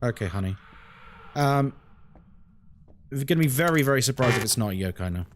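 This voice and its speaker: A man's voice: mid-range voice, animated, brisk, a little hiss or hum. A British man streaming a horror game live, chatting casually and explaining things to his chat with lots of "like" and "um". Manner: chatty and explanatory, many fillers like "like" and "um". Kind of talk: live gameplay commentary, answering chat.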